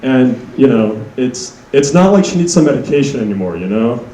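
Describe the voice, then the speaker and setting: A young man doing a stand-up set, deadpan and self-mocking, building to loud punchlines. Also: mid-range voice, moderate pace, a crowd in the background. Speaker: stand-up comedian. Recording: echoey room, mic heard from a distance.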